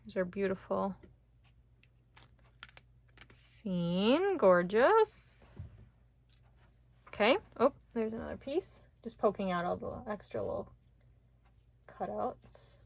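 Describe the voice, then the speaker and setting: A woman teaching card making in a casual, chatty way, thinking aloud as she works and getting excited over small wins. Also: medium pitch, takes it slowly, gravelly, pauses often. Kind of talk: casual craft tutorial chat.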